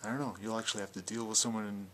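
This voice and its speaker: A man's voice: on the low side, little pitch movement, very fast, pushed and bright, slight background noise. A young man talking casually in a video blog response, rambling and defiant, with plenty of filler words. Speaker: video blogger.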